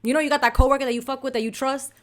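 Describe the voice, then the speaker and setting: A woman's voice: sits high, steady tone, rapid-fire. A woman podcast co-host telling a candid story in casual chat, full of slang and Spanish asides.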